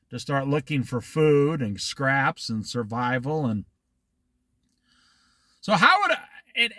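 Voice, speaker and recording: A bright, lively man leading a folksy Bible study. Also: on the high side, dry recording, clean studio sound. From Iowa. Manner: folksy and rambling, wandering into side stories. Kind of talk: casual Bible study talk. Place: outdoors by the ocean near a dock at dusk.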